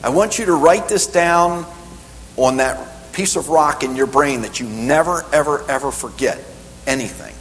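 A middle-aged man preaching a sermon in a church hall, emphatic and animated, climbing higher on the key points. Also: normal speed. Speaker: pastor. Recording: echoey hall with faint hum.

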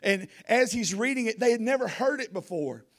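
Man, guest preacher, high voice, lively, rambling, repeats words. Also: a little fast. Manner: animated, rambling, repeats himself. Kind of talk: informal sermon.

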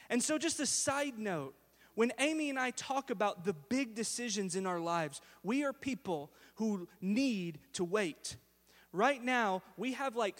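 Male pastor, high-pitched, animated storyteller, recorded in a big echoing hall. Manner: storytelling, building to loud animated exclamations. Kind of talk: sermon.

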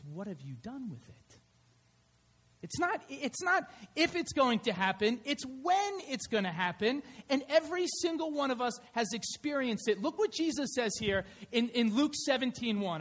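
A man preaching a conversational sermon in church, telling stories in an animated way. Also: very high voice. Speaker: pastor. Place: church sanctuary.

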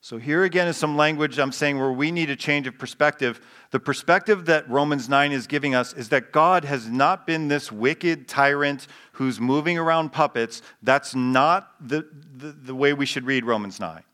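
A pastor preaching a sermon to a live congregation. He jokes with the people in the pews and slows down to read scripture with emphasis. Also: on the high side, pushed and bright. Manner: playful, joking asides with the congregation; reads scripture slowly with emphasis. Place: church sanctuary with live congregation.

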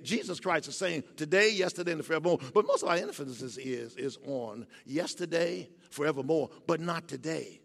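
An older man preaching a sermon, swinging from low, quiet passages to soaring, emphatic shouts. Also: gravelly. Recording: long hall reverb.

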